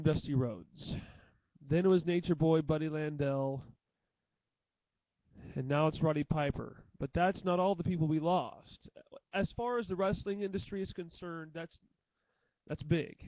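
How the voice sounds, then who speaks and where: A young man talking to the camera in an emotional tribute monologue, halting and often repeating himself. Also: a little high, no echo, dull audio. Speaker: vlogger.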